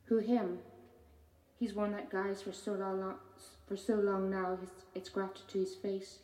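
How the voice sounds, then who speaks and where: A woman, a poet giving a measured reading of her own poems with hesitant spoken asides between them. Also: mid-range voice, level tone, warm tone. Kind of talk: poetry reading. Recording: roomy hall from far off.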